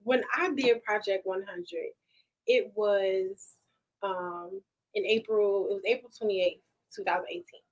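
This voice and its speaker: A woman talking casually on a podcast, pitched at an everyday middle level. She tells her stories with heart, quick and loose in her slang, and she gets openly emotional. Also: gravelly, poor audio. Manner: animated storytelling with laughs. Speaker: podcast guest. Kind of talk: casual interview chat.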